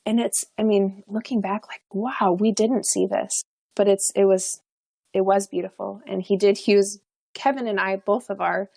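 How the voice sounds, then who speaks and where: A woman's voice: medium pitch, fairly even intonation, moderate pace, gravelly, warm tone, no echo. A young adult woman, a podcast guest, telling a personal story in a chatty way, full of fillers and restarts and frequent laughs.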